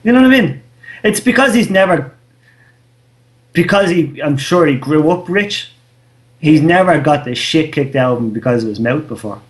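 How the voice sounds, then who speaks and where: A man's voice: on the high side, expressive, normal speed. Irish man telling a story, casual. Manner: loose storyteller, swears freely, slangy. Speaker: podcast co-host. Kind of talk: casual chat.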